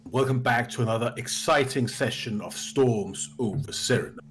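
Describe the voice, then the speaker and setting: A man's voice: mid-range voice, moderate pace. A man hosting a tabletop role-playing stream as dungeon master, moving from dramatic storytelling to playful banter with his players.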